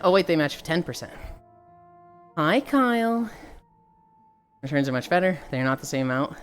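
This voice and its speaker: Animated, swearing woman streamer ranting. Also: on the low side. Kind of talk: casual live-stream rant.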